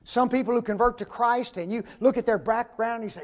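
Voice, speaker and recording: A man's voice: extremely high pitch, quick pace, few pauses. An older man, preaching a folksy sermon and asking the congregation rhetorical questions.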